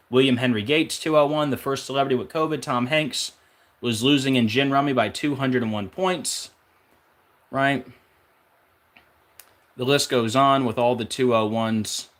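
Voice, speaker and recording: Rattling off numerical connections with a conspiratorial air, a man with a medium-pitched, slightly bright voice hosts a casual numerology video. His rambling monologue is rapid and frequently wanders, as he gropes for thoughts out loud with filler words.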